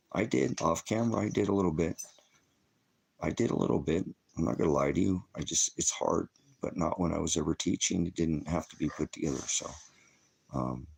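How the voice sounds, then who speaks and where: A man's voice: very deep voice, vocal fry, darkish tone, breathy edge. A distraught middle-aged man hosting his own channel, talking unscripted as a father and rambling, swearing often as he goes. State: shaken and upset. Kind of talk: emotional unscripted vlog monologue.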